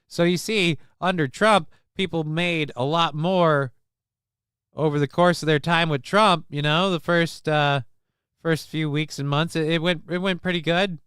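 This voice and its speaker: A man's voice: a little high, a little slow, clear, resonant tone, no echo, studio quality. A man hosting a casual livestream show, rambling with many fillers and crude jokes as he reads the chat. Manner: gets loud and excited over news figures.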